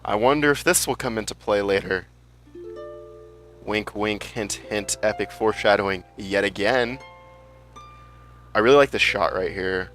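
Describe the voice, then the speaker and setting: A man's voice: on the low side, measured pace, pauses often, a bit bright, faint music behind. A young man giving casual, chatty gameplay commentary, swearing freely and cracking jokey asides. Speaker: let's play gamer.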